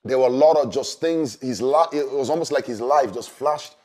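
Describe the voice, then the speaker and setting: A man, a pastor, telling a personal story in an earnest, unhurried way with many fillers. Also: medium pitch, darkish tone. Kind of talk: storytelling testimony.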